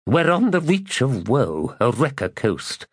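A man voicing a sharp-tongued, haughty young woman with a harsh, scornful manner. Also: mid-range voice, big pitch swings, measured pace, husky, dry recording, clean studio sound, pitched above the performer's own voice.

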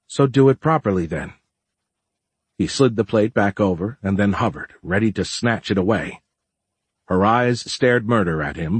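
Low husky male audiobook narrator. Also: no echo.

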